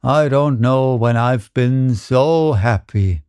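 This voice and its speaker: A sly, contented old man speaks mildly, with a slight hesitation, voiced by a male narrator. His delivery is unhurried and close, in a dry storybook reading. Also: mid-range voice, darkish tone, clear, resonant tone, no room sound, lightly acted. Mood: sly contentment. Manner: mild and hesitating.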